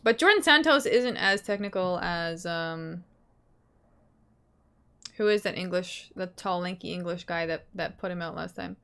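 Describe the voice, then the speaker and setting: A young adult woman streamer chatting casually with her viewers, reading their comments, laughing often and trailing off softly at the ends of her thoughts. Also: on the low side, a little slow, vocal fry, clear, resonant tone. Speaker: livestreamer.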